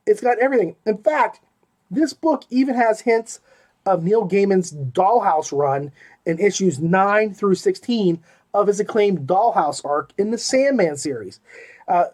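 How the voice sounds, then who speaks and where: Animated man reviewing gory books. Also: high-pitched. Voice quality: animated, emphatic, swings between loud exclamations and mumbled asides. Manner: rambling and self-interrupting, with repeated 'okay?' and 'like'. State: hiccuping. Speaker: podcast host reviewing audiobooks. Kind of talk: casual spoken book review.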